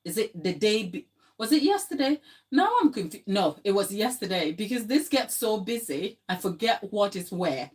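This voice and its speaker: A woman's voice: mid-range voice, sing-song, normal speed, darkish tone. A young adult woman baker hosting a live tutorial, chatty and emotional, laughing often and talking to her chat, a little tired.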